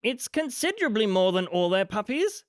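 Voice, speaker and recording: A man voicing a flustered, kindly gentleman who exclaims in bewilderment in a storybook reading. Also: high voice, sing-song, normal speed, dry recording, clean studio sound, pitched above the performer's own voice. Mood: eager. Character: older gentleman, flustered, kindly dog owner.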